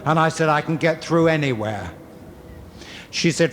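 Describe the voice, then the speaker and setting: A man's voice: a little high, moderate pace, pauses often, a little hiss or hum. An English man giving a candid, wry recovery talk at a convention, in a storytelling manner. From England. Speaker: convention speaker. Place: convention hall. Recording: hall reverb, faint ambience, 1980s convention tape.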